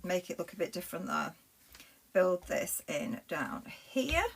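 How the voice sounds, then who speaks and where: A woman's voice: fairly low pitch, sing-song, unhurried, gravelly, slight background noise. A middle-aged woman with a Lancashire accent, chatting through a live craft demonstration and talking to viewers as she works. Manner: chatty, rambling, talks to viewers while working with her hands. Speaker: craft presenter.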